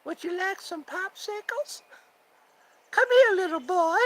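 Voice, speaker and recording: Brief: a creepy old cartoon neighbor, very high and wheedling, set back from the mic. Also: male voice, lively intonation, unhurried, fairly bright tone, full character voice. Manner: wheedling, coaxing.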